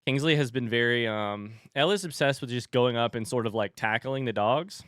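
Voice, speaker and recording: A man rambles casually to his livestream chat and reads viewer messages aloud, talking into a desk microphone. His voice is smooth and mid-pitched, and the sound is dry and close. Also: brisk, a bit bright, no room sound.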